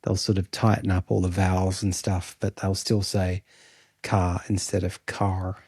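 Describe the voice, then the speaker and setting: Australian man, 30s, low voice, mellow tone, rambling podcast chat. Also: completely flat delivery, normal speed, slightly rough, no echo, clean studio sound. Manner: musing, rambling with restarts. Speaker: podcast co-host. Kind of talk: casual chat.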